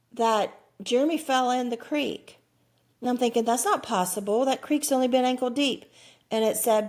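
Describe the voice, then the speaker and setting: A woman in her sixties tells her story as an interview guest, earnest and conversational. Her voice sits a little high, and she slips into the voices of the people she quotes, with plenty of "you know" along the way. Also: darkish tone. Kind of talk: personal storytelling.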